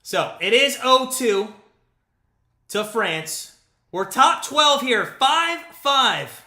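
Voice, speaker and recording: Excitable thirty-something male fan caller, bright high voice, winded, roomy echo. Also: drawn-out words. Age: 30s. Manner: excitable, swings between hyped calls and grumbling. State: out of breath. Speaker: live stream play-by-play host. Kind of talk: live fan play-by-play reaction stream.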